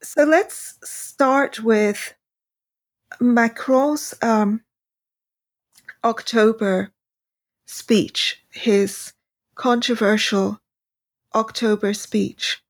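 A woman's voice: fairly high pitch, fairly even intonation, very slow, long pauses. A woman hosting a podcast interview, talking casually and hesitantly with many ums and restarts. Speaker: podcast host; freelance translator.

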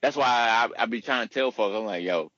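A man's voice: medium pitch, fairly even intonation, a little fast, sharp tone, no room sound, lo-fi sound. A man in a casual podcast chat, talking animatedly in loose, profane slang.

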